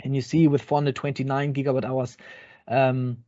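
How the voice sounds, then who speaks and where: Presenter: male researcher walking through slides, halting with fillers, mellow tone, dull lo-fi webinar audio. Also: mid-range voice, little pitch movement. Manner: hesitant, many ums and uhs. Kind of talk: explaining slides in an online webinar.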